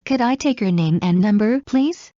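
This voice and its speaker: A woman reading everyday English phrases aloud one by one, in a measured drill with a pause after each phrase. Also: mid-range voice, animated, dark tone, no room sound. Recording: dull lo-fi dry recording.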